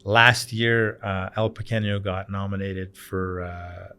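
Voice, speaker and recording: Guesting on a podcast, a Canadian bar owner in his thirties chats casually and tells stories with animation, acting out the other people's voices. His voice sits low and he speaks at a slow pace. Slight background noise can be heard.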